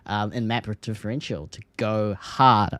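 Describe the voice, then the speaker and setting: An Australian man co-hosting a casual esports podcast, excitable and laughing often, his pitch leaping up when something grabs him. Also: unhurried. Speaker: podcast co-host.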